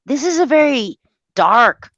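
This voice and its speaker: Slow-talking woman on a dull line. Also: high-pitched, big pitch swings, a bit bright, no echo. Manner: earnest, searching for words. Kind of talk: casual chat.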